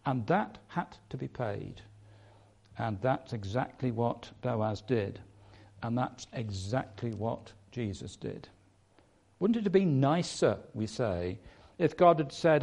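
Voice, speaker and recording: A man preaching a sermon, emphatic, stressing points by changing his loudness and pace. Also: medium pitch, creaky.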